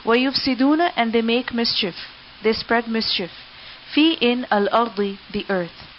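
A woman teaching at a quick pace, taking each word of a scripture and following it with its meaning. Her voice comes through a dull, lo-fi recording, with a faint hiss behind it. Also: a little high. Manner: reads each word, then gives its meaning. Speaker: Quran teacher. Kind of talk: word-by-word translation lesson.

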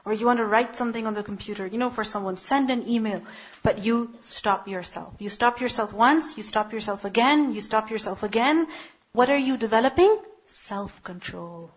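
A woman gives an earnest religious lecture in a slightly high, husky voice. She talks with emphasis and keeps asking her listeners questions. The recording sounds a little dull and lo-fi. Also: brisk. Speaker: Islamic teacher.

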